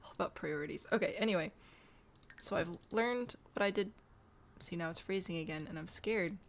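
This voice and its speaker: A woman's voice: fairly low pitch, brisk, creaky. Chatty Midwestern woman streaming a game. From American Midwest. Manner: chatty, self-mocking, laughs often, murmurs to herself. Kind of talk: casual live-stream chat while building in a game.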